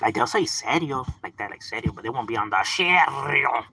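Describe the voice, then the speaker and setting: A man's voice: mid-range voice, lively intonation, fast talker, a bit bright, slight background noise. A man streaming a game, ranting casually in profane street slang with mock exasperation and frequent laughter. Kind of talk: casual live-stream rant.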